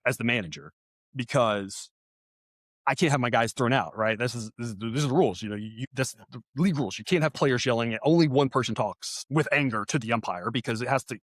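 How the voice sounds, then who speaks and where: A man co-hosting a sports podcast, telling a story in a casual, animated way and laughing as he goes. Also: mid-range voice, brisk, dry recording, clean studio sound. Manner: animated, laughing, voice jumps when reenacting yelling. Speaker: podcast co-host.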